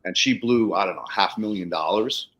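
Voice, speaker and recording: A man's voice: fairly low pitch, a little fast, fairly bright tone, rough recording. A man hosting a casual livestream chat, telling stories animatedly, acting out the people he quotes and swearing freely. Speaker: podcast host, soil treatment practitioner.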